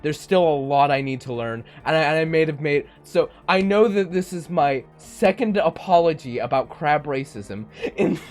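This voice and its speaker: A streamer chats casually from a home setup on a desk microphone. The voice sits mid-pitch but moves a lot, with playful ups and downs while joking. Faint game music plays underneath. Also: expressive, normal speed, few pauses, a little mellow. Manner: joking, laughs often, mock-tearful bits. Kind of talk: casual live-stream chat.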